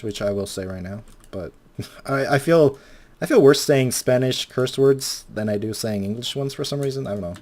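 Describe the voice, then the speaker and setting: A man's voice: fairly low pitch, darkish tone. Rambling, swearing young man telling a story. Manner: rambling, swears a lot, acts out quotes. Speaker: Minecraft video maker. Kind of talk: casual storytelling while playing.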